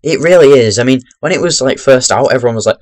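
Young man, gaming commentary, excitable, rambling, mid-pitched voice, webcam mic. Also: fast talker, no echo. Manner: excitable, rambling, bursts into loud exclamations. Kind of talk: chatty let's-play commentary. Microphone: webcam microphone.

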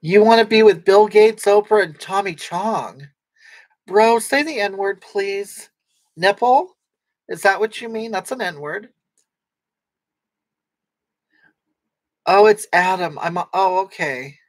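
Guy putting on a breathy middle-aged lady, crude and weepy, rambles and restarts, reading chat on a comic livestream. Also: high voice. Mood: indignant. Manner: rambling, halting, with frequent restarts. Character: brash, tearful, crude middle-aged woman. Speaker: livestream host reading comments.

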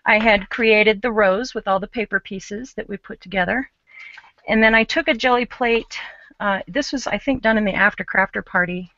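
A woman's voice: mid-range voice, normal speed, fairly bright tone, no echo. A woman hosting a live craft show, chatting and thinking aloud as she shows her artwork. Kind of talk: live-streamed craft demo. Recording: dull, lo-fi live stream.

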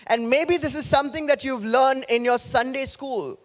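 A man pastor preaching an animated sermon, joking with the congregation. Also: very high-pitched, normal speed, few pauses.

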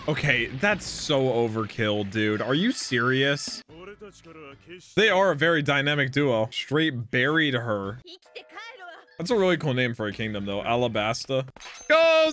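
A man hosting an anime reaction, talking casually to the screen, laughing often and shouting with excitement. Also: mid-range voice, a little slow, pauses often.

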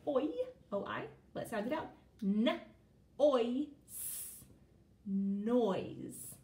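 A woman's voice: a little high, very slow, dark tone, reverberant. A woman teaching a phonics lesson to young children, stretching out sounds in a sing-song way.

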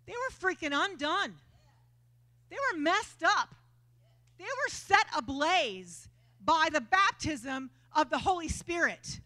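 Speaking slowly in a very high-pitched voice, a Texan woman preacher delivers an animated, chatty sermon in a church. She performs the quotations as she goes.

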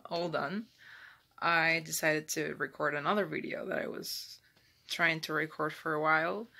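A woman's voice: on the low side, vocal fry, a bit bright. A woman vlogging casually from her home video set, playful and rambling, joking about her own video. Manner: playful, rambling, self-deprecating. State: hungry. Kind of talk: casual behind-the-scenes vlog.

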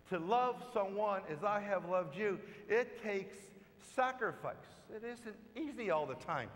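A man's voice: high voice, fairly bright tone. A man preaching a sermon as a pastor, telling stories in a conversational way and acting out the quoted lines. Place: church. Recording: long church reverb.

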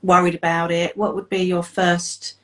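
A British woman in her forties hosting an interview, chatty and animated, retelling conversations in a storytelling way. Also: fairly low pitch, normal speed. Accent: British English. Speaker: interview host, coach.

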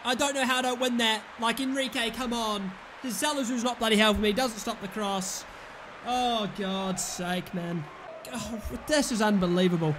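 Young British man, gameplay commentator, very high voice, exasperated and shouty. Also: moderate pace, noisy background. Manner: exasperated, yells at his players and the referee. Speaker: gaming YouTuber.

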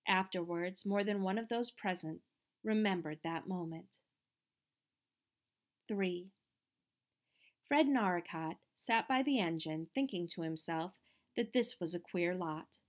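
A woman narrating an audiobook in a measured, expressive reading voice. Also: on the low side. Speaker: audiobook reader.

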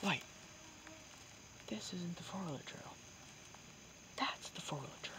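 With insects and crickets sounding all around, a hunting vlogger stalks through the woods, chatting and whispering to his audience. His medium-pitched voice is animated yet unhurried.

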